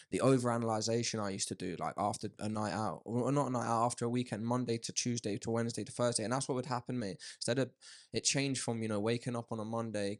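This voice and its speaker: A young man chatting candidly on a podcast, rambling and calling his listener "mate". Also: on the low side. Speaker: podcast host. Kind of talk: casual podcast chat.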